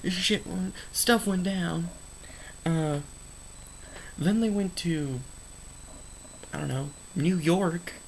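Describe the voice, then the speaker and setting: A vlogger rambles through an unscripted movie review in a gravelly, mid-range voice, drawing out words and leaving long pauses. The stream-of-consciousness delivery is sarcastic and emphatic, with frequent mid-sentence self-corrections, and the rough recording carries slight background noise.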